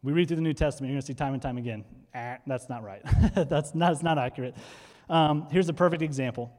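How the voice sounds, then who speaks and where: Fired-up male pastor in a reverberant hall. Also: a little high. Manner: energetic, fired up, quick asides. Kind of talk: sermon.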